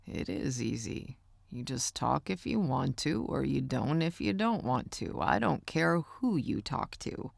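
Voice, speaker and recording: Woman voicing a soft-spoken, low, gruff uncle. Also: expressive, unhurried, no room sound, studio quality, exaggerated voice. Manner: low, hushed and comforting. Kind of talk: audiobook character voice.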